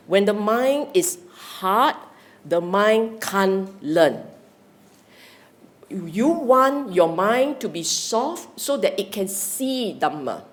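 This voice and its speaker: Woman meditation teacher, lively talk that questions her listeners. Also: mid-range voice. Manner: lively, questioning the audience, acting out inner voices. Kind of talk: Dharma talk to a class.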